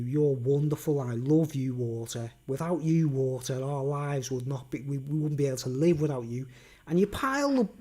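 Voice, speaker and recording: A man's voice: high-pitched, a little mellow. A man talking to camera in a rambling monologue, full of tag questions like "right?" and "you know what I mean?". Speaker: vlogger.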